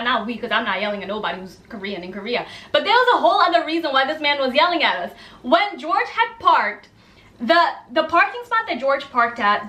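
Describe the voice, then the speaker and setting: A young woman tells a story to her channel in a casual, animated way, breaking into quick asides and acting out each person's lines. Her voice sits high and sounds bright and clear. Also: echoey room. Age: young adult. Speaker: vlogger telling a story.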